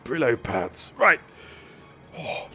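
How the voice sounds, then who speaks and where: A man's voice: medium pitch, big pitch swings, slow pace, pushed and bright. A man chatting through a game stream, rambling and whimsical, a bit ill and hyper. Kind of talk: casual live-stream commentary. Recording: faint game music behind.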